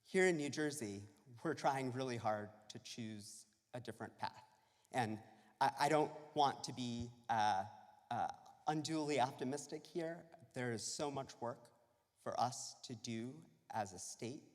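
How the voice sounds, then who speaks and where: A man giving an earnest, measured speech at a celebration, with some fillers. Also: mid-range voice. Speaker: state civil rights official. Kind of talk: public speech. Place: church. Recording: reverberant church hall.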